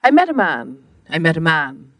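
A woman's voice: deep voice, sing-song, moderate pace, fairly bright tone. A woman reading aloud as a young woman recalling men, in a rhythmic, incantatory way. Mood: raw incantatory.

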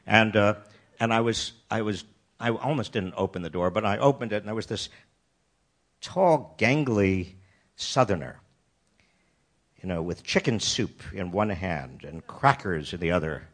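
An older man from the United States shares a memory from his student days. His voice sits somewhat low and he speaks in a halting way, circling back over his own phrases. His humor is wry and turned on himself. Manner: wry, self-deprecating, halting with restarts. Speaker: storyteller. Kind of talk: personal anecdote talk.

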